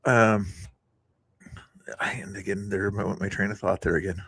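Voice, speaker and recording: Speaking at normal speed in a lowish, husky voice with a slightly bright edge, a man comments casually on a replay of his stream. His intonation stays fairly even, the sound is dry, and he rambles, restarts sentences, repeats himself and throws in sarcasm.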